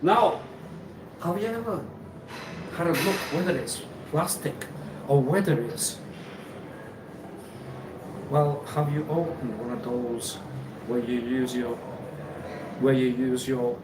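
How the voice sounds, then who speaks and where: A man hosting a live stream, rambling and halting, who repeats himself and laughs often. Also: medium pitch, far from the mic. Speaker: livestream host. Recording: echoey room, off-mic, noisy ambience.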